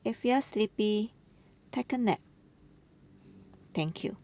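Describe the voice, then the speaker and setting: A woman's voice: medium pitch, animated, slow pace, warm tone, a little hiss or hum. A woman narrating a voice-over for an animal compilation, gushing and cooing over how cute the animals are. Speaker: channel narrator.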